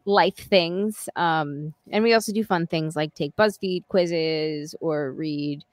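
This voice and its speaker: Low-voiced woman joking as podcast guest. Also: slow, no room sound. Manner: joking, self-deprecating. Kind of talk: casual podcast chat.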